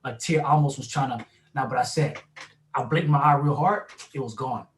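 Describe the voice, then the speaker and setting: A man from New co-hosting a casual podcast chat, telling stories in an animated, slangy way. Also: mid-range voice, moderate pace, slight background noise. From New York. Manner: animated, slangy storytelling with laughs. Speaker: podcast co-host. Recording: roomy, distant mic, faint ambience.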